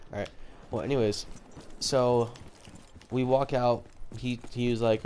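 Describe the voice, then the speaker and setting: A man's voice: medium pitch, steady tone, a little slow, darkish tone, slight background noise. A man telling a personal story in a casual, rambling way, correcting himself often and using many fillers. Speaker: gaming vlogger telling a story. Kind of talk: casual storytelling over gameplay. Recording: game audio and clicks behind. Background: game announcer, gunfire, keyboard clicks.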